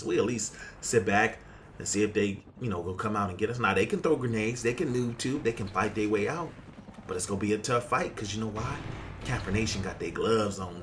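A man's voice: fairly low pitch, sharp tone, a little hiss or hum. Hyped man narrating his game. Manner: hyped, trash-talking, keeps saying look at that. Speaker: gaming YouTuber. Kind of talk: gameplay commentary.

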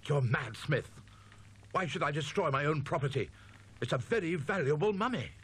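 A man doing a shrill, sneering villain. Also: lively intonation, normal speed, a bit bright, husky. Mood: defiant. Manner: shrill, sneering, rising to screams. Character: sneering scheming male student villain. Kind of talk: audiobook drama acting.

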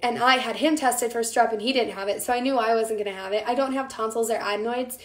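A chatty young woman from the Midwest runs a casual cooking live stream, her voice still recovering from an illness. Her pitch sits a little on the high side, and she greets viewers by name as she talks. The sound carries a noticeable room echo. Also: fairly even intonation, fast. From American Midwest.

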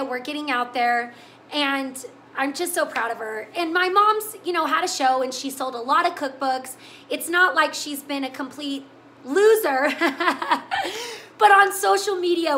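High bright-voiced woman, chatty and teary. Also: slight background noise. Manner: chatty, emotional, tearful at times. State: crying. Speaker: cooking show host. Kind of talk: live-stream chat with viewers. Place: home kitchen.

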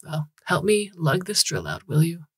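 A woman's voice: sits low, very animated, moderate pace, slightly rough, no room sound, studio quality, exaggerated voice. A woman voicing a small, rotund, cheerful man who digs canals, breezy and chatty in an audiobook reading.

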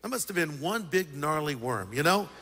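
Bright high-voiced man preaching. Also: normal speed, big-room sound. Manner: lively, joking preacher. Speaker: pastor. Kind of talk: sermon.

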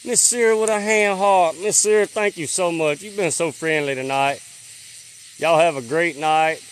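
A man hosting a late-night livestream from a rural farm on his phone. He rattles off viewers' names in a drawl and drops to a hush when he listens for sounds. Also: on the high side, normal speed, slight background noise. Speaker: livestream host.

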